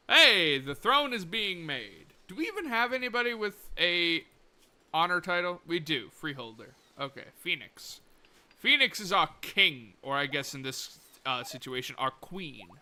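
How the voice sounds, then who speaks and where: Young male game streamer, muttery and profane with sudden outbursts, lively pitch, very bright voice. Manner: muttering to himself, swearing, sudden excited outbursts. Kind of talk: live gameplay commentary.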